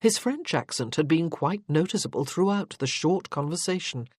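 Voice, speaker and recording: A narrator reading a period romance novel in an even, measured way. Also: medium pitch, slightly rough, no room sound, clean studio sound.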